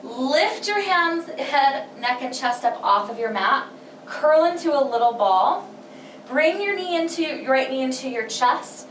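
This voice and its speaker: This pilates instructor speaks in a high voice, guiding a home workout by counting breaths and repetitions with encouragement, a bit winded as she goes. Recorded from a distance in an echoey room, the clip carries a faint hiss or hum.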